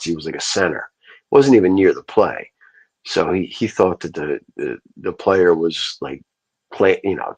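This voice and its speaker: Male livestream host, low husky voice, loose profane storyteller. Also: darkish tone. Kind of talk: casual ranting livestream.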